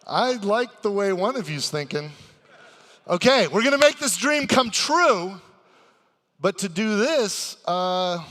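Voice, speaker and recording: A man hosting a live convention stage show, excitable and hype-building, sometimes bursting into shouts to the audience. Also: sits high, takes it slowly, pauses often, in a large hall. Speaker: stage host.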